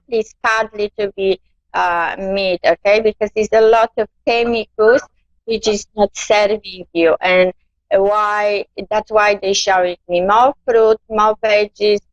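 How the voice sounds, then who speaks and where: Gentle, slow woman doing a psychic reading. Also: medium pitch, no room sound, highs cut off. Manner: non-native English, gentle and coaxing, calls the viewer darling and keeps asking okay. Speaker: psychic card reader hosting a live stream. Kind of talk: live-stream spiritual reading.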